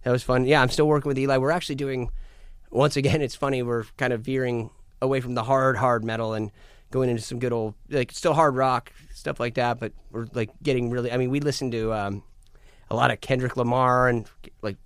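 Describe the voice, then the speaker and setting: A man, a musician guest, telling stories in casual chat, animated and swearing, acting out quoted lines. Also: medium pitch, a little fast, clear, resonant tone, dry recording, clean studio sound. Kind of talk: casual storytelling.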